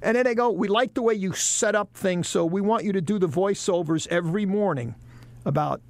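A man telling lively stories about his broadcasting career in a casual interview, acting out the people he quotes. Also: high voice, moderate pace, no echo. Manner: animated storyteller, acts out quoted bosses. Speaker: broadcaster guest.

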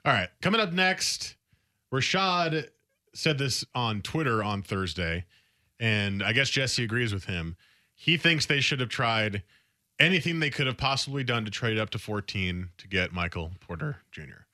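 A man's voice: medium pitch, big pitch swings, normal speed, bright, forceful tone. A man co-hosting a sports radio show, talking in a casual, emphatic and opinionated way.

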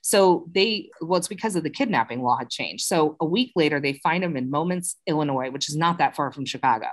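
A woman with a notably low voice talks through a true crime case in a relaxed, conversational way. She narrates with chatty asides and fillers, like someone telling a friend a story. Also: brisk. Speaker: true crime podcast host. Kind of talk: casual storytelling chat.

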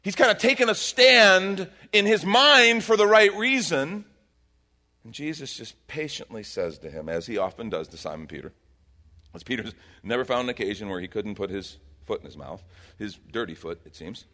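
Male pastor, middle-aged, bright forceful tone, lively delivery, conversational sermon. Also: mid-range voice, moderate pace. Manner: animated, conversational preaching with acted-out quotes.

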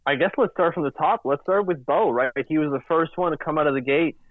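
A man co-hosting a casual sports podcast, chatty and animated, acting out quotes in silly voices. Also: on the high side, a little fast, dry recording. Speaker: podcast co-host. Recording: tinny phone-like line.

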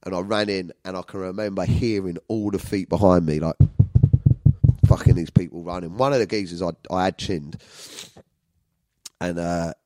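A man's voice: low voice, steady tone, moderate pace, long pauses, darkish tone, no room sound. A man with a London accent telling rambling, profane stories to his viewers in a casual way. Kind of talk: casual storytelling monologue.

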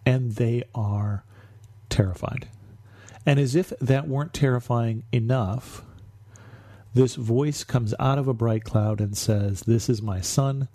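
A man with a mellow, slightly husky voice teaches through a Bible passage. He sounds reflective and explanatory, and he slows down on the key phrases. The recording is dry and close, with no room sound. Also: mid-range voice, no room sound. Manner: reflective, explanatory, with slow emphatic stretches. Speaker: Bible study podcast host.

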